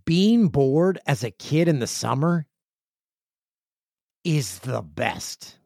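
A man's voice: lively intonation, takes it slowly, gravelly, no room sound, studio quality. A man hosting his podcast in a casual, jokey chat, reading emails and acting out friends' reactions. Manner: chatty, jokey, acts out friends in loud high voices. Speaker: podcast host. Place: home studio with stairs nearby.

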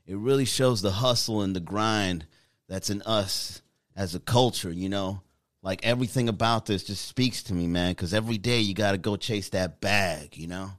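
A man voicing a brash young Miami party guy who talks in loud slang. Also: on the low side, moderate pace, dry recording, studio quality, pitched below the performer's own voice, natural voice. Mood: laid-back. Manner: slangy, loud, bro-ish.

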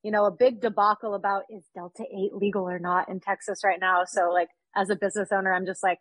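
A woman's voice: medium pitch, flat delivery, quick pace, dry recording, low-quality recording. A woman in her thirties from California, chatting upbeat and casually as a podcast guest, with lots of fillers. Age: 30s.

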